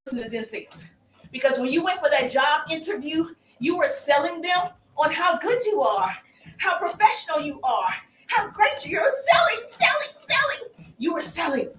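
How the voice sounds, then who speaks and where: A woman giving a live-streamed sales training, energetic and emphatic, speaking straight to her audience. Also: high voice, moderate pace, roomy sound, far from the mic, a little hiss or hum. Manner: energetic, emphatic and preachy, addresses the audience directly.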